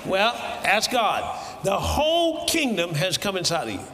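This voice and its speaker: A man preaching a sermon in a church, animated and breaking into shouted bursts. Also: high-pitched, measured pace, big-room sound.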